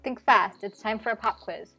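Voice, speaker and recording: Upbeat cartoonish dog teacher, voiced by a woman streamer, game-show energy, mid pitch, faint music bed. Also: normal speed, pushed and bright, slightly rough, poor audio. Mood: peppy. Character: peppy talking dog professor at culinary school.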